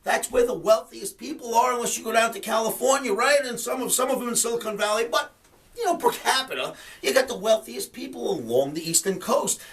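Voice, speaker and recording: A man's voice: very high-pitched, brisk, fairly bright tone, recorded from a distance. A man hosting a trading commentary show, fired up and ranting, mocking the people he disagrees with. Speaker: trading educator and show host. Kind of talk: market commentary webcast.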